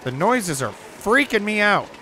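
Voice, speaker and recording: A young man giving let's play commentary in a slightly high voice. He is jumpy, swears often, and talks both to himself and to his chat. A faint hiss of noise runs beneath the recording. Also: very animated, measured pace, pushed and bright. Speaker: gaming channel host.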